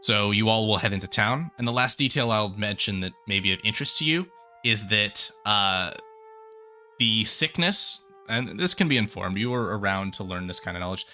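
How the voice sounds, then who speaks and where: Bright-voiced male game master. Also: on the low side. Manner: relaxed, lots of filler pauses. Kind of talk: narrating a tabletop game.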